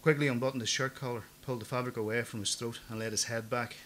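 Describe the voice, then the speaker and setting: A man narrating an audiobook in a measured, even storytelling manner. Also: medium pitch, a little hiss or hum.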